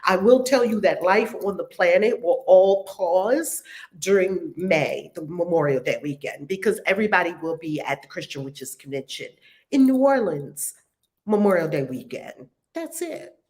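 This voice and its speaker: A woman's voice: fairly low pitch, expressive, moderate pace, a little mellow. Exuberant woman hosting an online group. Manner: exuberant, exclamatory, promotional. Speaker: host of spiritual study group. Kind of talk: lively online group call.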